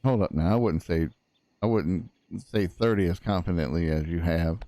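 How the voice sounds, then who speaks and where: A man's voice: deep voice, moderate pace, warm tone, no echo. A man roleplaying a cranky old frontier prosecutor, rambling in a folksy way with lots of fillers. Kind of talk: in-character roleplay chat.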